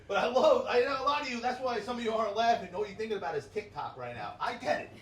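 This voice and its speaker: Brash high-pitched New comic. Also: male voice, lively intonation, fast, a little hiss or hum. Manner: brash, crude, keeps laughing at his own jokes. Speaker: stand-up comedian. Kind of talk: stand-up set. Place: comedy club stage. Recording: echoey club sound from a distance.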